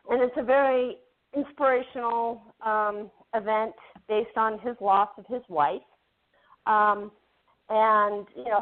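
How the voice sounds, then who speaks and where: Chatty woman guest on a tinny phone line. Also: on the high side. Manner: chatty, repeats words while building a story. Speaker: guest actress. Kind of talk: casual interview storytelling. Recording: phone-like narrow band.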